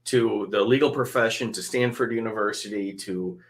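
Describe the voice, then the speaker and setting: Emphatic male attorney with halting restarts. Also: on the low side. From Northern Michigan. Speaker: guest, litigation attorney. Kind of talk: casual chat over drinks.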